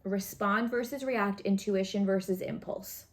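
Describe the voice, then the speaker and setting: A woman's voice: medium pitch, fairly even intonation, unhurried. Chatty, encouraging woman reading tarot. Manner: chatty, earnest, frequent "right?" and "okay?" check-ins; encouraging, coaching tone. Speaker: tarot reader. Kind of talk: casual tarot reading to camera.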